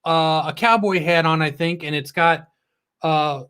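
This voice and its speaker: Casting note: male host with a high voice, joking and laughing with guests. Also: unhurried, fairly bright tone, smooth. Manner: playful, jokey, laughs often. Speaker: live stream host interviewing guests. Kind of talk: casual chat.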